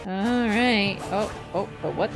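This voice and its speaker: A woman's voice: medium pitch, fairly even intonation, slow. A woman streamer chatting casually and ranting as she plays, swearing freely. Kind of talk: casual gameplay commentary. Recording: game music playing under the voice.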